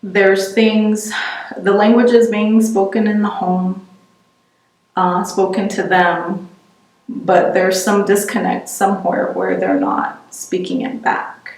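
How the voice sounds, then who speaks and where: A middle-aged woman giving an oral history interview, reflective and halting, often restarting her sentences. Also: mid-range voice, expressive, a little mellow. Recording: roomy, distant mic.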